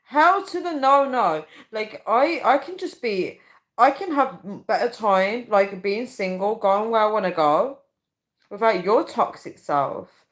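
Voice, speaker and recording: A woman's voice: mid-range voice, expressive, measured pace. A young woman chatting casually on a livestream, reading out comments and laughing often. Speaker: livestream host.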